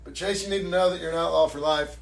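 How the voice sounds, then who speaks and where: Jokey man with a fairly high voice. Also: fairly even intonation, fast, vocal fry. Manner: jokey, self-mocking, warm thanks. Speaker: actor signing autographs on a live stream. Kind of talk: casual live-stream chat.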